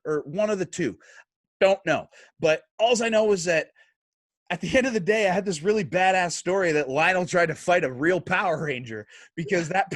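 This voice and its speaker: With a voice that sits high, this man hosts a laid-back podcast, spinning lively stories, cursing liberally and performing the quotes himself. It's a dry, studio-quality recording.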